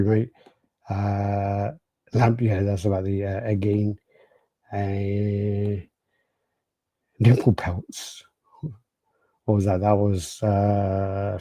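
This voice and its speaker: A man's voice: fairly low pitch, warm tone, no echo. A British man co-hosting a podcast, casually telling stories and reading out live chat messages. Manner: rambling storyteller, acts out quotes. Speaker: podcast co-host.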